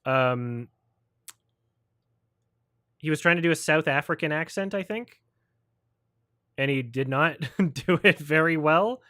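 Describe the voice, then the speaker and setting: A man's voice: fairly high pitch, animated, slow, long pauses, sharp tone, no room sound, clean studio sound. A man hosting a livestream, ranting about films in a sarcastic, profane way and mocking people with put-on quotes. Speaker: host. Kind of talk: livestream film review chat.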